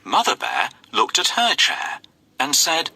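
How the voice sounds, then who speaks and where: Slow, very animated male storyteller. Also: a little high, creaky, husky, dry recording. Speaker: narrator. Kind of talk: storybook narration with character voices.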